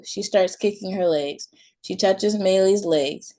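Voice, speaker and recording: A woman reads her own short story aloud, soft and calm. Her voice is on the low side for a woman, with an unhurried, gentle delivery. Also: gravelly. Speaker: author and storyteller.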